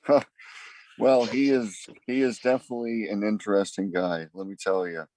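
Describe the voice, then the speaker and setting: A band member in an easygoing interview, telling a story in a relaxed, halting way. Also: male voice, fairly low pitch, a little hiss or hum, rough recording. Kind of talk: casual interview chat.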